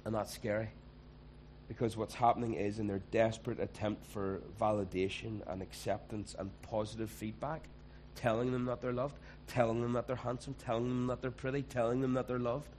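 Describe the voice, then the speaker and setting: A man's voice: medium pitch, level tone, fairly quick, darkish tone, a little hiss or hum, poor audio. A man, preaching a conversational sermon and acting out quoted voices.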